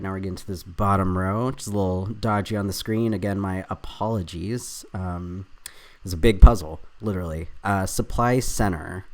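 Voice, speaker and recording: Guy with a lowish voice chatting his way through a crossword, muttering clues, joking at himself. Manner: chatty, muttering clues, self-deprecating asides. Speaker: crossword video host. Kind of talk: thinking aloud while solving a crossword.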